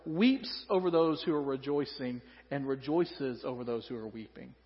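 Southern pastor, high-pitched, chatty sermon delivery, long hall echo, dull lo-fi sound. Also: male voice. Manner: conversational, joking asides.

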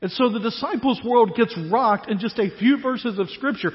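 A male pastor preaching a sermon, animated, acting out the disciples' questions in quick bursts. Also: very high-pitched. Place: church sanctuary. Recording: dull sound with long church reverb.

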